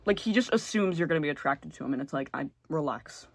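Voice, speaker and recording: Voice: mid-range voice, animated, fast, vocal fry, no echo. A young adult YouTuber giving blunt, sarcastic, casual comedic commentary and swearing freely. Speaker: YouTuber ranking game characters.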